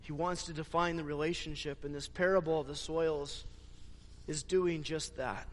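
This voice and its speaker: A man preaching a sermon, retelling scripture in an animated way and pressing the listeners with questions. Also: on the high side, moderate pace, big-room sound. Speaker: pastor.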